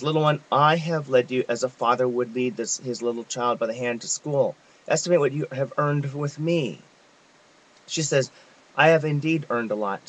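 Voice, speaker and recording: A man reading a devotional text aloud, in a measured, reverent way with pauses. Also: medium pitch, fairly bright tone, low-quality recording. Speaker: reader of devotional messages.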